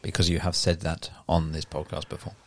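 A man's voice: sits low, flat delivery, a little fast, fairly bright tone, dry recording. A man hosting a casual podcast chat, rambling and hesitant with lots of fillers. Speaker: podcast host.

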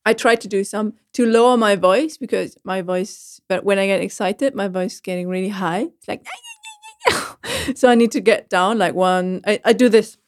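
A woman's voice: mid-range voice, moderate pace, few pauses, clean tone. A woman guest on a podcast, giggly and giving friendly voice advice. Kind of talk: casual chat.

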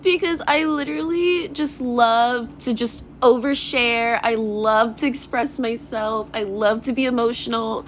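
A woman's voice: high voice, measured pace, a bit bright, a little hiss or hum. A young woman hosting a casual solo podcast, talking candidly in a rambling way, full of fillers, swearing and laughter. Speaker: podcast host.

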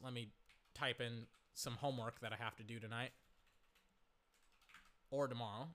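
A hoarse young man giving casual, rambling live commentary on a basketball game, full of fillers and swearing. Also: mid-range voice, steady tone, moderate pace, a bit bright.

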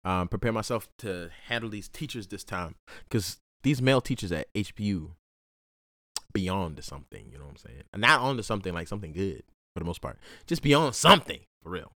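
A man's voice: deep voice, very animated, a little fast, sharp tone, dry recording, clean studio sound. A young man hosting a podcast, telling stories casually in slangy, profane talk. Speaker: podcast host and college student. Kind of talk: casual storytelling monologue.

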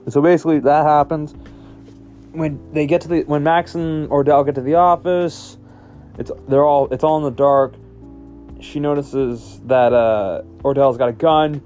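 A man's voice: a little high, steady tone, measured pace, darkish tone, highs cut off, soft background music. Rambling man recapping a movie. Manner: rambling, many restarts and fillers.

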